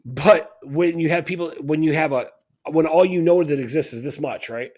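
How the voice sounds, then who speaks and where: A man's voice: a little high, moderate pace, a little mellow. A man co-hosting a talk radio show, telling long rambling stories that turn heated. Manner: rambling storytelling with heated bursts. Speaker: co-host. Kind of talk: casual talk radio chat.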